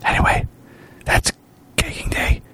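A man hosting a podcast who whispers a quick update so as not to wake a sleeping guest. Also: bright, forceful tone, a little hiss or hum. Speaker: podcast host, home brewer.

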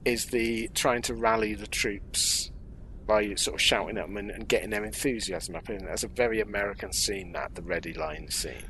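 A man's voice: lowish voice, fairly even intonation, moderate pace, bright, forceful tone. Co-host: English man, casual rambling chat, jokes at his own expense, faint hiss behind. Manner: rambling, self-deprecating, jokey. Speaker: podcast co-host.

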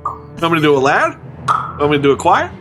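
A man's voice: fairly high pitch, very animated, a little fast, over music. A man co-hosting a podcast, joking playfully and bantering in casual chat. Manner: playful, jokey, makes mouth noises. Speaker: podcast co-host.

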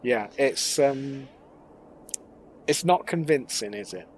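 A man's voice: medium pitch, lively intonation, takes it slowly, a little hiss or hum, rough recording. A man co-hosting a casual podcast, making jokey, teasing asides about a TV episode. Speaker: podcast co-host.

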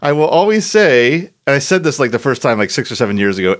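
Podcast host, man, jokey and animated, laughs a lot, mid pitch. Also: fast. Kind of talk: casual podcast chat.

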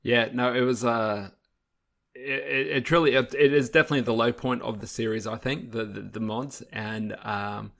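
Podcast co-host, male, gravelly, excitable and sweary, trips over his words. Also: medium pitch, normal speed. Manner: animated, profane, stumbling restarts. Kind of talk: casual critique chat.

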